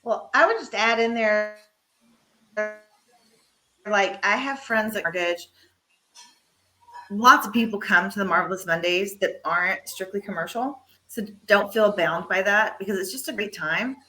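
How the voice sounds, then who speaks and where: A woman's voice: medium pitch, measured pace, pauses often, sharp tone. A woman speaking candidly and conversationally in a casual panel chat.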